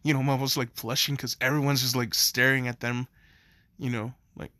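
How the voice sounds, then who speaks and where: A man's voice: mid-range voice, little pitch movement, moderate pace, pushed and bright, no room sound. Rambling young man telling a story. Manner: rambling, filler-heavy. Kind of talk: casual fan-story narration.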